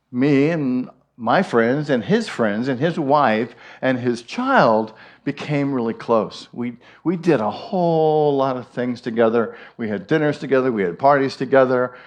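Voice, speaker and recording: A man with an Irish accent giving a conversational storytelling sermon, folksy with frequent asides. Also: mid-range voice. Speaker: minister giving a talk.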